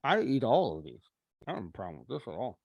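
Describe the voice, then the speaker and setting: A man's voice: medium pitch, wildly swooping pitch, fast, gravelly, darkish tone, no echo, muffled recording. A man chatting casually as co-host, rambling with restarts while telling a story. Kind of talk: casual chat.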